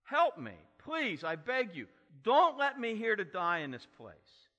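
A man's voice: high-pitched, wildly swooping pitch, a little slow, pushed and bright, highs cut off, pitched above the performer's own voice, full character voice. A preacher voicing a desperate young man screaming and begging for his life. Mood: pleading. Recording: long reverb.

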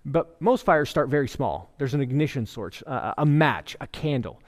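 A middle-aged man preaching a sermon in a relaxed, conversational way, telling jokes and stories to make his points. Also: medium pitch, normal speed. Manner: conversational preaching with joke storytelling. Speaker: pastor. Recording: long hall reverb.

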